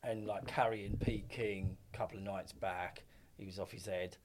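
A man's voice: fairly low pitch, steady tone, moderate pace, slight background noise. A middle-aged man telling stories as a podcast guest, rambling with lots of filler words and casual swearing. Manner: rambling, heavy filler use, swears freely. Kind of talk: casual storytelling chat.

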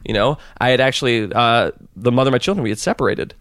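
Fast-talking man telling a story. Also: medium pitch, no room sound. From Southern California. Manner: fast, animated storytelling with many restarts. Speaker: podcast guest. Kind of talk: casual storytelling.

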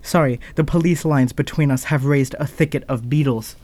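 A man's voice: mid-range voice, moderate pace, a little mellow. Man reading fragmented experimental poetry. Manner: fragmented, associative delivery with abrupt asides and apologies.

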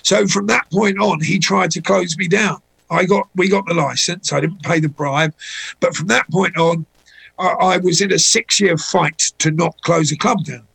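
Gravelly-voiced middle-aged man telling stories. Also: high voice, moderate pace, rough recording. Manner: anecdotal, animated when voicing people in stories. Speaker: guest. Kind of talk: casual storytelling chat.

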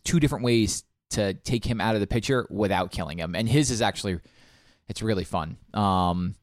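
A young man co-hosts a podcast, chatting casually about video games and rambling with plenty of ums and restarts. His voice is lowish and fairly quick, recorded dry with studio quality.

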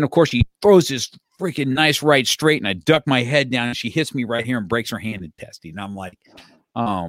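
A martial arts instructor in his fifties rambles through stories in casual conversation, restarting, repeating words and chuckling often. His voice is medium-pitched and fairly bright, captured in clean studio sound with no room sound.

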